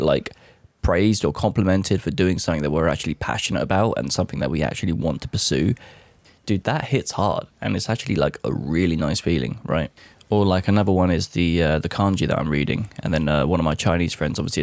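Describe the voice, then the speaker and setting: A young man talking casually to camera, animated, swearing freely and calling the listener bro. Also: deep voice, fast, no echo. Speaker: vlogger.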